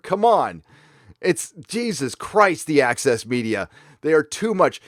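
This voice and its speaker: A man's voice: medium pitch, no room sound, clean studio sound. Sarcastic man hosting fan commentary. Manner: sarcastic and emphatic. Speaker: YouTube commentary host.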